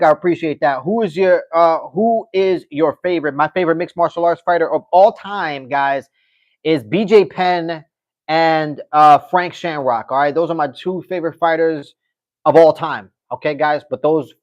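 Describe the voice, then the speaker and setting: A man's voice: a little high, normal speed, no echo, highs cut off. A man hosting a casual livestream, rambling through fight picks and reading chat comments aloud, often repeating himself. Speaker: livestream host.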